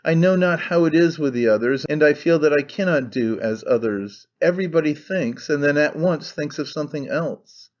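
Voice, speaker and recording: A man voicing an intense, brooding young man obsessed with one idea, earnest and halting as he speaks. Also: on the high side, animated, muffled recording, close to an everyday voice. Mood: troubled. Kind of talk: audiobook character reading.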